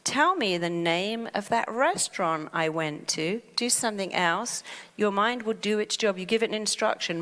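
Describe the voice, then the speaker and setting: A woman, a therapist, giving a lively motivational talk and acting out panicky inner voices. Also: medium pitch, normal speed, big-room sound.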